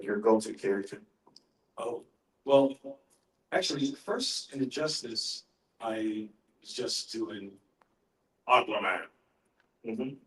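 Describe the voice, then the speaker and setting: A middle-aged man, a voice actor, answering fan questions in a relaxed, anecdotal way at a convention panel. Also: mid-range voice. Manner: relaxed, anecdotal, pauses to gather his thoughts. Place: large convention panel room. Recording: echoey hall, voice heard from far off.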